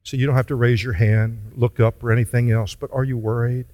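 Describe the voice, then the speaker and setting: A man's voice: mid-range voice, fairly even intonation, darkish tone, no echo. A man preaching a sermon as pastor, earnest and pleading, then leading the congregation in prayer. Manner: earnest, pleading, slow deliberate delivery.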